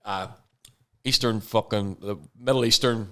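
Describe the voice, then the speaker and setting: A man's voice: fairly low pitch, fairly even intonation, measured pace, sharp tone. A young man co-hosting a podcast, telling stories with plenty of swearing. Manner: swearing storyteller, laughs easily. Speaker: podcast co-host. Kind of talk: casual podcast chat.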